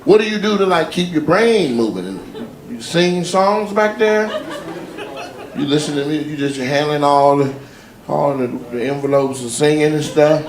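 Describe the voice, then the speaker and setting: A man doing stand-up crowd work, teasing audience members with quick-fire questions. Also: a little high, animated, a little hiss or hum. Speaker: stand-up comedian. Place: comedy club stage. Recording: echoey live venue with loud crowd laughter.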